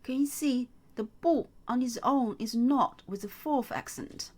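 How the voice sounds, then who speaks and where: A woman teaching a beginners' lesson, speaking slowly and patiently and repeating each phrase for the learner. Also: on the high side, darkish tone. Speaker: Chinese tutor. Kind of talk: slow, clear language lesson.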